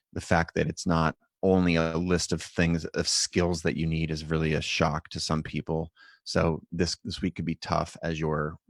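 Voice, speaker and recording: A man with a very low voice and a gravelly, creaky texture runs a live-stream Q&A, talking loosely and encouragingly. The sound is dry and close, with no room around it. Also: dry recording. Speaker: host of a live video Q&A. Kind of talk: casual live-stream talk and Q&A. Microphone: live-stream setup with video call.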